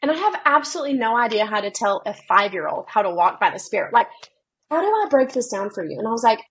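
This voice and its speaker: Gravelly, husky-voiced woman telling stories. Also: on the high side, fast talker, low-quality recording. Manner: lively storyteller who acts out quoted dialogue. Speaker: children's pastor, podcast guest. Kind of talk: casual faith conversation.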